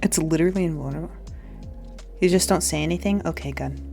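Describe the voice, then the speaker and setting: A woman's voice: deep voice, fast, vocal fry, mellow, soft background music. A young woman livestreamer rambling casually to her chat and swearing now and then. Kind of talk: casual live-stream chat.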